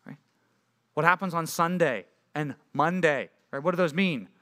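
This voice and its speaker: A young man preaching a sermon to junior high students in an animated, conversational way, full of rhetorical questions. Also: moderate pace. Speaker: youth pastor.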